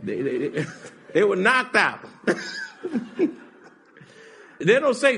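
A man preaching a sermon in a lively, animated style. He swings from shouts to near-whispers, laughs often, and his has a sound. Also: sits high, takes it slowly, pauses often. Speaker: pastor.

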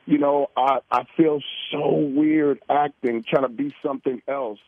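A man chats casually as a radio guest, rambling and checking in with "you know what I mean" again and again. His voice sits at a middling pitch and comes through dry, thin and phone-like. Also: steady tone, unhurried, no room sound. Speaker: musician guest. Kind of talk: casual radio interview chat. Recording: tinny phone-like line.

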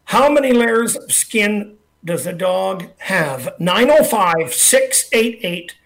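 A middle-aged man hosting a radio show, chatty and relaxed, slowly repeating numbers with plenty of fillers. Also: high-pitched, gravelly. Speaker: radio talk show host and dog trainer. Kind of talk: casual radio talk and promotion.

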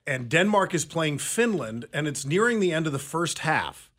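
Middle-aged man, radio co-host, fairly high voice, stammering, animated storytelling. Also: normal speed. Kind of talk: casual chat.

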